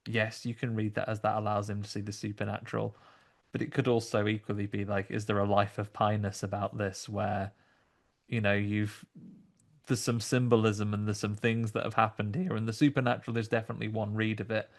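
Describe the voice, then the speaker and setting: A man's voice: lowish voice, little pitch movement, fairly quick. A man, co-hosting a podcast and talking through a horror film in thoughtful, rambling analysis. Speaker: podcast co-host. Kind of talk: casual film review chat.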